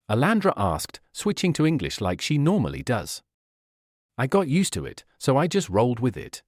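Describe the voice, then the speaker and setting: A man telling a first-person story as narrator, reading in an expressive way. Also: mid-range voice, moderate pace, no room sound, clean studio sound.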